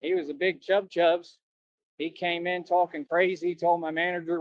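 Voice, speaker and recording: A young man who used to work as a bouncer boasts and rants combatively in slang on a livestream, rambling as he goes. His high voice stays level at a moderate pace, and the stream audio sounds dry, dull, and lo-fi.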